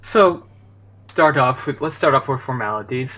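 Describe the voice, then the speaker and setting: A man playing a tabletop game, speaking calmly and deliberately. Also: medium pitch. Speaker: player. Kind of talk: tabletop role-play. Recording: dull lo-fi mic.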